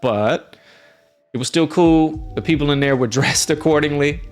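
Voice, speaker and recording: Speaking at a normal speed in a voice on the high side, this US-born streamer host shares travel stories from indoors in Norway. He rambles in a friendly way, leaning on plenty of fillers, with soft music in the background.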